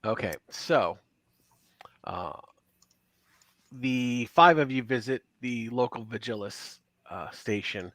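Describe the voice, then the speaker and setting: A man narrating as game master of a tabletop role-playing game, relaxed, with many fillers. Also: mid-range voice, slow pace, pauses often, no echo.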